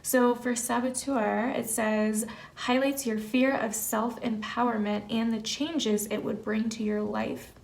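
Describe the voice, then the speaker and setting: A woman's voice: fairly high pitch, level tone, measured pace, vocal fry, hardly any pauses. A young woman giving an earnest, emphatic tarot reading to camera in a casual way, full of "like" and "you know". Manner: earnest, emphatic, filler-heavy. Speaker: tarot reader.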